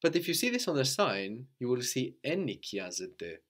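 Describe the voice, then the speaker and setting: A man's voice: mid-range voice, big pitch swings, moderate pace, fairly bright tone. A man teaching a spoken language lesson, patiently explaining and quizzing his student, then repeating the answers.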